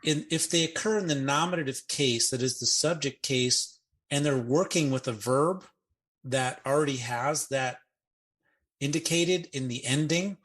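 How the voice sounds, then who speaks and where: A man co-hosting a podcast, explaining grammar in casual chat. He spells out forms slowly and drops in playful asides. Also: mid-range voice, a bit bright. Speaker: Greek grammar podcast co-host. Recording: podcast audio.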